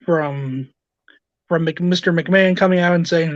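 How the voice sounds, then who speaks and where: Guest guy on a podcast, bit high voice, dull muffled dry sound like a remote call. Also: steady tone, unhurried, no room sound. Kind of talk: casual review chat.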